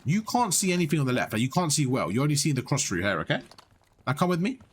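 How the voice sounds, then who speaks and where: A young man giving blunt, animated coaching on gameplay, swearing freely as he explains. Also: on the high side, quick pace, a little hiss or hum. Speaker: gaming coach. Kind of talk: casual coaching over gameplay.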